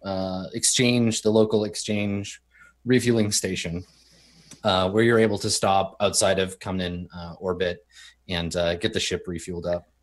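A man's voice: deep voice, little pitch movement, normal speed. Man narrating a tabletop game. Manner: loose, filler-heavy narration. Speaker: game master.

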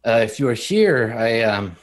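A man's voice: medium pitch, very animated, moderate pace, lightly acted. A man voicing a frazzled, guarded middle-aged doctor who speaks formally.

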